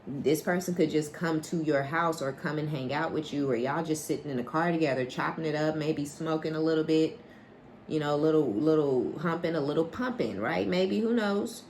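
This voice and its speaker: A woman's voice: low-pitched, normal speed, slight background noise. A woman giving a casual collective tarot reading, blunt and profane, often asking "right?" and acting out bits of dialogue. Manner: animated, acts out quoted dialogue. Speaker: psychic tarot reader.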